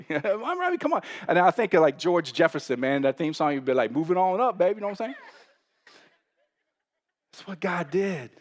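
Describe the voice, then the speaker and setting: A middle-aged man preaching a sermon as pastor, conversational and animated, building up to bursts of emphasis. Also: fairly high pitch, moderate pace, long pauses.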